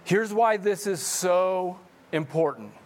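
A male pastor preaching a sermon in an animated, joking way, often repeating words when he gets excited. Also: high-pitched, slow pace.

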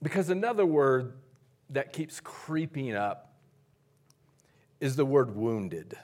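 A man preaching a sermon as pastor, conversational and energetic, swinging between loud bursts and quiet asides. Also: medium pitch, takes it slowly.

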